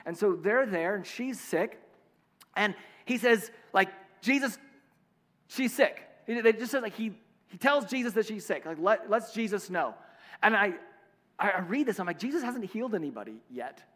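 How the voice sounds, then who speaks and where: A man preaching a sermon in a relaxed, conversational way, full of fillers and restarts. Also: high-pitched, normal speed, big-room sound. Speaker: pastor.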